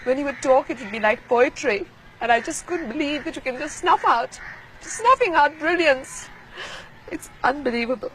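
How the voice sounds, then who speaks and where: A woman from Pakistan recalling events in an archival interview, speaking in a quiet, measured, reflective way. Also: sits high, animated, slight background noise, low-quality recording.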